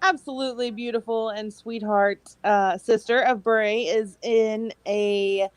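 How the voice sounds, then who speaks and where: Casting: a female podcast co-host, slow and halting, dry close sound. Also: fairly high pitch, steady tone, dry recording. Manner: halting, with fillers. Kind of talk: casual live-stream chat.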